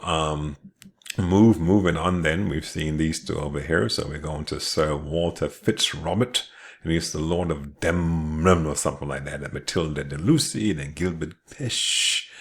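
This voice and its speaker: A man from London with a London accent, giving a chatty family-history talk over slides, full of joking asides and tag questions. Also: rumbling low.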